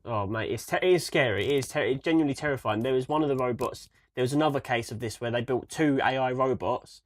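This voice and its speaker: A young man co-hosting a casual podcast stream, rambling excitably and swearing freely. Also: medium pitch, fast talker. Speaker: podcast co-host. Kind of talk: casual livestream chat.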